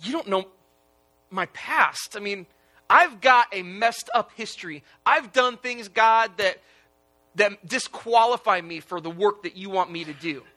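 A man's voice: sits high, unhurried, bright, forceful tone. A man voicing Moses as an insecure, self-doubting man pleading with God during a sermon retelling. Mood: protesting. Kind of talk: sermon retelling with acted quotes.

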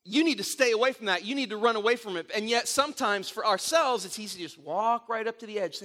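A middle-aged man preaching a sermon, telling stories in an animated way with frequent restarts. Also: high voice, fast talker, hardly any pauses. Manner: animated storytelling with repeated restarts. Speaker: pastor.

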